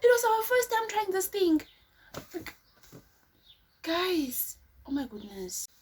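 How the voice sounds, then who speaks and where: A woman's voice: extremely high pitch, very animated, slow. A woman vlogger telling a story to her viewers in a chatty, casual way, often addressing them as guys.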